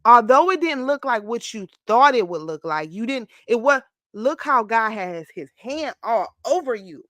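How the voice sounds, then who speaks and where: A woman around forty talking through a casual confessional vlog, expressive and emotional, close to tears at times. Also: on the high side, moderate pace, no echo. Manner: expressive, slips into mock-whiny voices when quoting her past self. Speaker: vlogger.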